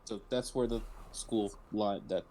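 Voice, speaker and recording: A man's voice: lowish voice, fairly even intonation, a little slow, mellow, a little hiss or hum. A man on a casual podcast, joining in with sarcastic, laughing banter. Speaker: podcast co-host. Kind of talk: casual chat.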